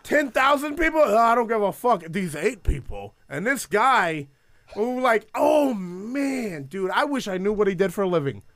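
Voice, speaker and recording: A man's voice: high voice, very animated, moderate pace, fairly bright tone, dry recording, clean studio sound. A man who does stand-up, telling a story in casual podcast chat, swearing and laughing as he goes. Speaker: stand-up comedian. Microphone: studio mic on camera.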